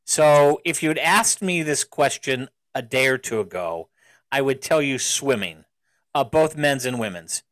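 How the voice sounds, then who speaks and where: A man hosting a casual chat, enthusiastic and halting, with many fillers and restarts. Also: mid-range voice, animated, fairly bright tone, rough recording. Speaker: show host.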